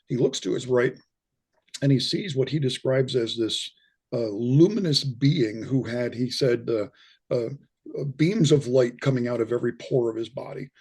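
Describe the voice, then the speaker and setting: A man's voice: mid-range voice, vocal fry, a little mellow, slightly rough. A middle-aged man, a guest in an interview, explaining his views in a conversational way with frequent restarts and repeated words. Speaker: guest, near-death experience researcher. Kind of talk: casual interview talk.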